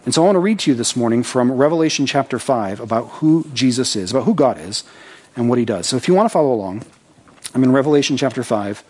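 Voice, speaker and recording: A man's voice: mid-range voice, lively intonation, fast, darkish tone, slightly rough. A man preaching a sermon as pastor, talking conversationally, reading scripture aloud with his own asides and checking in with "right?".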